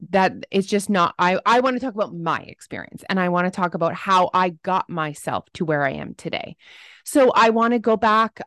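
A woman's voice: medium pitch, dry recording, clean studio sound. A woman in her thirties hosting her own solo podcast, chatty and openly emotional, with her energy rising and dipping as she talks. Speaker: podcast host.

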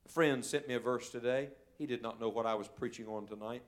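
A male evangelist preaching a sermon in a church service, telling stories and swinging from loud, urgent calls to quiet, hushed moments. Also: medium pitch, steady tone, brisk. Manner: storytelling preacher, swells loud then drops to a hush.

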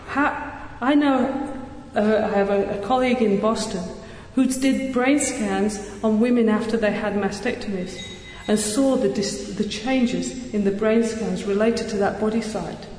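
A woman giving an earnest, energetic public talk as a surgeon, with touches of self-deprecating humor. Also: mid-range voice, slight background noise. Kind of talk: public speech. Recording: echoey hall with long reverb.

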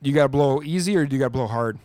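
A man co-hosting a casual podcast, telling road-trip stories with loud, profane, acted-out bursts. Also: mid-range voice, rapid-fire, no room sound. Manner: animated, profane storyteller acting out scenes loudly. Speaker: podcast co-host. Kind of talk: casual storytelling.

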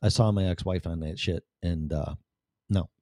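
Blunt, profane man, low dark voice. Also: normal speed, no room sound, clean studio sound. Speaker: vlogger. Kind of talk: candid personal monologue.

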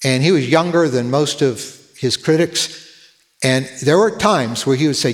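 A man's voice: on the high side, expressive, normal speed, in a large hall. A man preaching a sermon as pastor, earnest, often repeating words as he starts a phrase.

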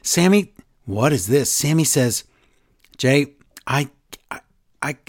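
A man's voice: medium pitch, slow pace, no room sound, studio quality. A man co-hosting a casual podcast chat, recapping wrestling and acting out the quotes in different voices. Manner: animated, acts out quotes with voice changes.

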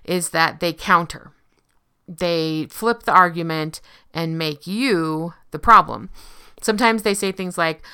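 A woman's voice: fairly low pitch, slow, bright, forceful tone, clear, resonant tone. A woman giving a casual explanatory talk, conversational and often checking in with the listener. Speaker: speaker on relationship abuse.

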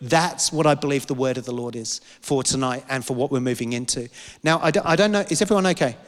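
In a big-sounding room, a man with a mid-range voice delivers an impassioned sermon quickly. He keeps repeating phrases and throwing out rhetorical questions.

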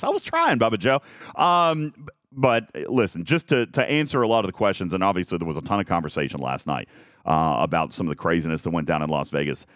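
A man hosting a live stream, talking in a rambling, self-mocking way with lots of halting restarts. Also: low-pitched, big pitch swings, a bit bright, no echo, clean studio sound. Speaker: host of a live game talk stream. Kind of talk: casual live-stream chat.

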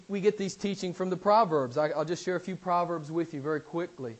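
A male pastor preaching a sermon from the pulpit, repeating key phrases and swinging between loud emphasis and near-whispers. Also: on the high side, brisk, hardly any pauses, rough recording. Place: church pulpit.

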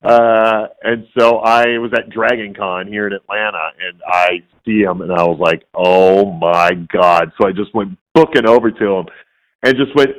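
A man's voice: lowish voice, moderate pace, low-quality recording. A man, a voice actor guest in a casual interview, telling stories and acting out the voices of people he quotes. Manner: animated storyteller who acts out quoted voices.

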